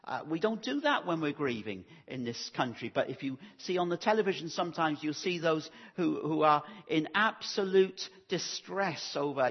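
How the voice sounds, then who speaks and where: A man preaching with a slightly husky, breathy voice that rises and falls a lot, pitched a little high for a man. He talks earnestly and pastorally, tossing in rhetorical questions to his listeners. The recording sounds muffled and lo-fi. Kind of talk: sermon.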